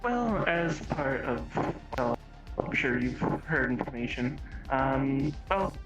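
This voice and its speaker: A man voicing a secretive corporate android through a robot voice filter, speaking calmly and in a businesslike way. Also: medium pitch, takes it slowly, over music, low-quality recording.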